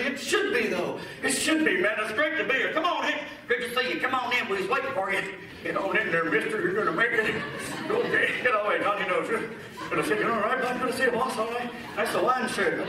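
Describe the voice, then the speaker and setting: Manic high-voiced comedian in echoey hall. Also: male voice, recorded from a distance. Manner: manic, rapid voice-switching with crowd banter. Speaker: stand-up impersonator. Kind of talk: stand-up comedy impression. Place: live comedy venue with audience. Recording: echoey live hall recording from afar, crowd noise.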